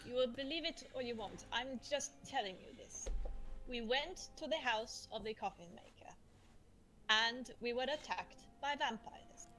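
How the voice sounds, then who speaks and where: Woman, tabletop player, in-character, earnest, defensive, slightly high voice. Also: unhurried, sharp tone, low-quality recording. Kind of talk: playing a character in a tabletop game.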